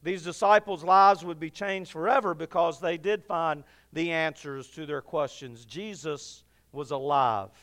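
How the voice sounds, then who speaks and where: A man delivers a sermon in a high, smooth, resonant voice. He talks to the congregation in an earnest, conversational way, dropping to a hush for effect. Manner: earnest, conversational preaching with dramatic pauses and drops to a hush. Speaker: pastor.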